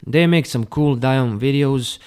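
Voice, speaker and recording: A young man narrating a casual, unscripted gameplay tutorial, with a relaxed delivery and some stumbles. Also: medium pitch, measured pace, a little hiss or hum. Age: young adult. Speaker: gaming channel host.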